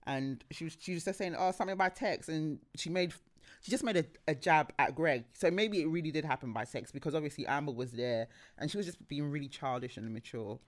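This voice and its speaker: A woman co-hosting a podcast about motherhood, chatting with friends. She tells stories in an animated, rambling way, often restarting her sentences. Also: deep voice, fairly quick. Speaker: podcast co-host. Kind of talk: casual chat.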